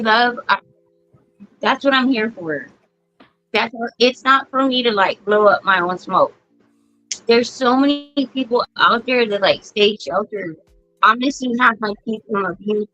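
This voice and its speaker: A woman's voice: mid-range voice, measured pace, long pauses, bright, forceful tone, faint music behind. Blunt, foul-mouthed woman telling stories. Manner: blunt, profane storytelling. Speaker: podcast host. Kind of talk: casual chat. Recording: dull lo-fi sound.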